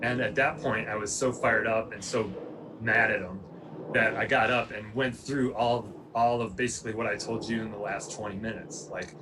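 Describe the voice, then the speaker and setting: A man's voice: lowish voice, moderate pace, far from the mic, background noise. A man, an Olympic athlete, telling his story casually and animatedly, acting out what people said. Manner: animated, acts out quoted dialogue, many "like" fillers.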